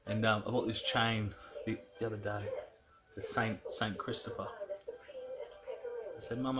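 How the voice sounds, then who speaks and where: A man's voice: fairly low pitch, heavy background noise. An Australian man rambling casually through a video diary in a laid-back, slangy way. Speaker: vlogger.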